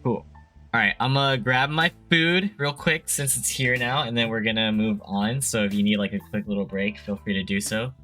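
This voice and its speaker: A man hosting a live interview podcast in a polite, even-keeled manner, his voice bright and forceful. He keeps a measured, professional tone as he leads the chat, with faint music playing behind him. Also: fairly low pitch. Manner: polite, steady, trying to stay professional. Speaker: podcast host.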